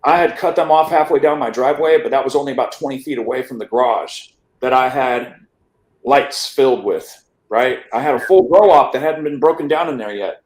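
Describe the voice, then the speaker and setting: A man's voice: mid-range voice, a little fast, darkish tone, reverberant. A man guest on a podcast, telling his life story in a rambling casual way, often restarting words and checking in with "right?". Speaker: interview guest.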